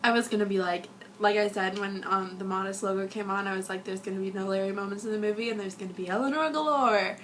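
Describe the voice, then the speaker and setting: A young woman vlogger rambling through a casual fan review, gushing and giggly, a little sick and husky. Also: mid-range voice, fairly even intonation, fast talker, a little hiss or hum.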